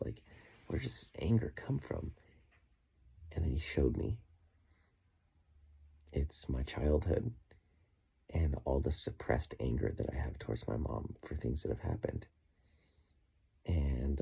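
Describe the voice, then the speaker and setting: A man's voice: a bass voice, vocal fry, mellow, breathy edge. A man recording a personal video diary, telling an earnest, reflective story with plenty of fillers. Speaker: vlogger.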